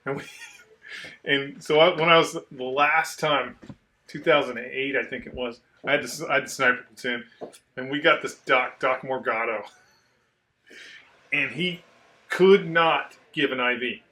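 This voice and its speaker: A man telling war stories in a casual, profane chat, animated as he acts out the people in them. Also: mid-range voice, a little slow, pauses often. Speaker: podcast host, Marine veteran.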